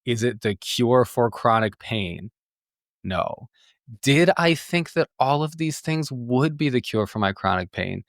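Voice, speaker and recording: A man's voice: medium pitch, animated, unhurried, no room sound, studio quality. A man who is a therapist and podcast host, talking candidly and casually, full of fillers and the odd swear word. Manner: chatty, candid, peppered with "like" and swearing. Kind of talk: casual solo podcast talk.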